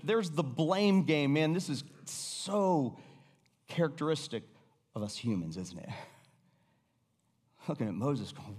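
A man's voice: fairly high pitch, expressive, slow pace, long pauses. A middle-aged American man preaching a sermon in a loose, conversational way, often restarting and sometimes dropping to a near-whisper. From United States. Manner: conversational, with repeated restarts and sudden drops to a hush. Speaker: pastor. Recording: long hall reverb.

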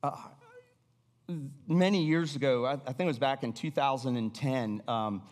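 A man's voice: medium pitch, normal speed. A middle-aged American man preaching a sermon in a loose, conversational way, often restarting and sometimes dropping to a near-whisper. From United States. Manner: conversational, with repeated restarts and sudden drops to a hush. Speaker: pastor. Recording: long hall reverb.

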